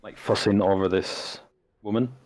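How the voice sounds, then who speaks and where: A man narrating as game master of a tabletop game, in a halting way with frequent restarts. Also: lowish voice, fairly even intonation, a little mellow, rough recording. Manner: halting, full of fillers and restarts.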